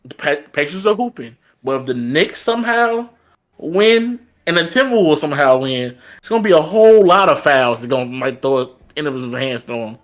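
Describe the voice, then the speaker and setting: A man's voice: fairly high pitch, animated, normal speed. A man co-hosting a sports podcast, talking loosely and casually, peppering his points with "like" and "bro". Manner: loose and conversational, leans on "like" and "bro". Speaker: podcast co-host.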